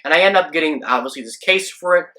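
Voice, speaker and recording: A man from Michigan hosting a sports vlog, telling a rambling, excitable story and acting out his own reactions. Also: on the high side, fast talker. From Michigan, USA. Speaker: sports channel host.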